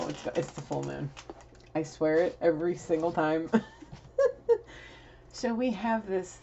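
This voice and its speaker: A woman's voice: low voice, vocal fry, dark tone, lo-fi sound, a little hiss or hum. A woman giving a casual spiritual card reading at home, rambling and laughing often as she talks to her viewers. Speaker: tarot reader. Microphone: camera.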